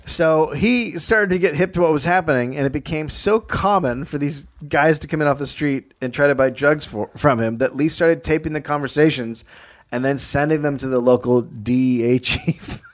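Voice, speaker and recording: A man's voice: fairly high pitch, normal speed. Dry-voiced man telling a story. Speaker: comedy podcast co-host telling the story. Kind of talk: comic history storytelling.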